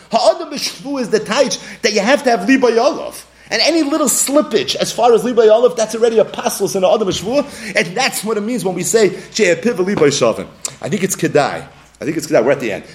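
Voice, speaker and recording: A man teaching a Talmud lecture, animated, acting out little scenes and laughing often. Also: high-pitched, a little fast. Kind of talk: yeshiva-style Talmud lecture.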